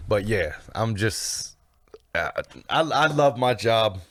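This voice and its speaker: A man's voice: on the low side, lively intonation, takes it slowly, fairly bright tone. A man co-hosting a podcast in casual chat, laid-back and profane with frequent laughs. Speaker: podcast host.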